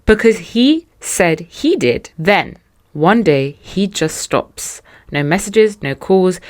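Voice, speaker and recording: A young woman hosting a podcast, reading out a listener's story and reacting with loud outrage. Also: on the low side. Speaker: podcast host.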